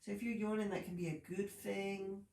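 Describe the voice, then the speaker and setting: Soft-spoken yoga teacher woman in a roomy space. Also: medium pitch, little pitch movement, fairly quick, gravelly. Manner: soft, gentle cueing with frequent yawns and light laughs. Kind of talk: guided yoga instruction. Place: room at home, practising on her mat. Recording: roomy echo, voice from a distance.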